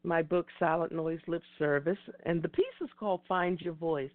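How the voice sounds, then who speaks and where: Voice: mid-range voice, fairly even intonation, moderate pace, no echo. Earnest host on a tinny phone-like line. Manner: earnest, emphatic, preacher-like repetition. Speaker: host of an online talk show. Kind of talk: motivational talk. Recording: dry tinny phone-like audio.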